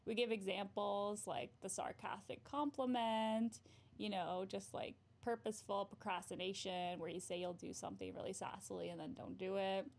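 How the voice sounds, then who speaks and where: A woman's voice: medium pitch, fairly even intonation, normal speed, gravelly. A woman therapist hosting a casual livestream, chatting in a bubbly way, often giggling and answering her viewers' comments.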